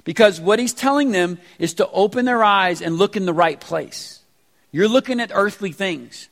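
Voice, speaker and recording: A pastor in his forties who preaches a sermon in a casual, animated way with slangy asides. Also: high voice, moderate pace, vocal fry. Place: church sanctuary. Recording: reverberant church hall.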